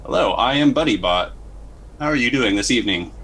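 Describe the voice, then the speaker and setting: A man's voice: medium pitch, animated, brisk, a bit bright, slightly rough, low-quality recording. A man voicing an overly polite male robot companion who talks in stiff, formal phrases.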